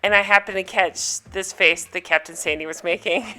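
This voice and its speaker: A woman hosting her own recap show, talking casually through the episode in a sarcastic, gossipy, animated way. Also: lowish voice, normal speed, clear, resonant tone, faint music behind. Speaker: podcast host recapping reality TV.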